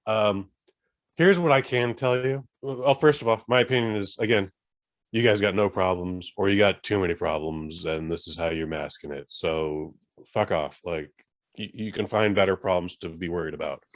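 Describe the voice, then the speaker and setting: A man's voice: low voice, steady tone, normal speed. A man co-hosting a podcast in casual chat, blunt and emphatic, swearing as he rants. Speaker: podcast co-host.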